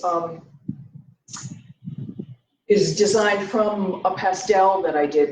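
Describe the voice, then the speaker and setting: Woman from the US, painter in her studio, slow unhurried talk, rambling and halting, slightly breathless, laptop mic, casual vlog. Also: lowish voice, darkish tone, echoey room, slight background noise, low-quality recording. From United States. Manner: thinking aloud, rambling and halting. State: a little out of breath. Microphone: laptop microphone.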